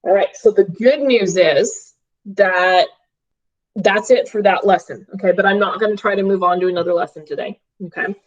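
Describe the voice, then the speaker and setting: A woman math teacher runs a live online class from her home, speaking at a medium pitch and moderate pace. She stays upbeat and checks in with students often, and the stream audio is dull and lo-fi.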